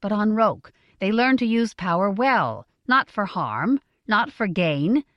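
A woman's voice: medium pitch, big pitch swings, slow pace, dry recording, dull audio. A woman voicing a big, strong, earnest young village woman in an audiobook, eager and wondering. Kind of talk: audiobook character voice.

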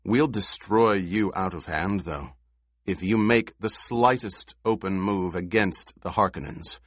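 Audiobook figure: shrewd smuggler boss, low and guarded, unhurried, read by a man. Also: no echo, studio quality. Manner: low, measured, quietly guarded. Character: cautious, shrewd male smuggler chief.

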